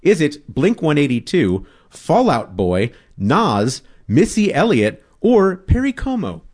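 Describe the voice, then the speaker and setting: A male quiz host with a slightly high voice that swoops all over the place. He reads each question and fun fact playfully and keeps things bouncy. His delivery sounds like a lively radio game. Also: slow pace.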